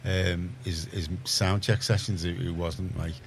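Deep-voiced Liverpool radio presenter. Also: male voice, little pitch movement, measured pace, a little hiss or hum. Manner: chatty, rambling, self-correcting. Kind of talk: casual radio chat.

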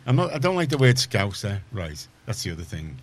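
A man's voice: lowish voice, very animated, fairly quick. A middle-aged man with a Liverpool accent hosting a community radio show in casual chat, rambling and correcting himself, then getting emphatic. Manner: rambling, self-correcting, gets heated and emphatic. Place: radio studio.

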